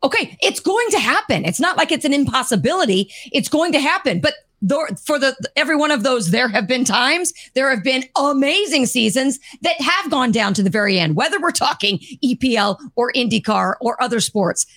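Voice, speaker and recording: A woman's voice: sits high, expressive, brisk, hardly any pauses, a bit bright. A woman co-hosting a sports radio show, giving her opinion firmly in casual banter. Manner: emphatic, opinionated. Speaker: radio co-host.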